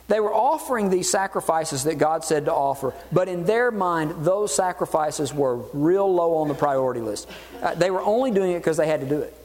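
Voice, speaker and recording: A man preaching a sermon, animated and acting out voices in the dialogue he quotes. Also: fairly high pitch, big-room sound. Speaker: pastor.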